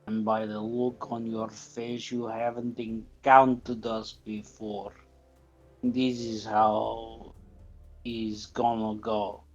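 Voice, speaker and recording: A hushed, menacing mob thug with a thick put-on Russian accent, as a man does the voice during a game stream. He drags every word out slowly and quietly, and the stream audio sounds a little dull and muffled. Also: completely flat delivery, soft background music. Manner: slow, low, threatening delivery.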